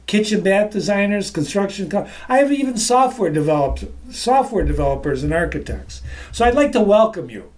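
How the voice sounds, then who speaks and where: Animated, high-pitched man giving a sales talk. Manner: emphatic, animated, repeats phrases, addresses the audience as ladies and gentlemen; moves around while talking. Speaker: sales trainer presenting to an online audience. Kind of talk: energetic motivational presentation. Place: his office.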